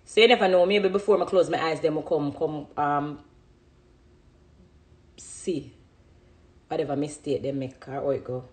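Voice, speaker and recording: A woman's voice: low voice, moderate pace, pauses often, slight background noise. A Jamaican woman in her thirties chatting casually on a phone live stream, reading out comments from viewers. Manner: chatty, reads out comments, animated.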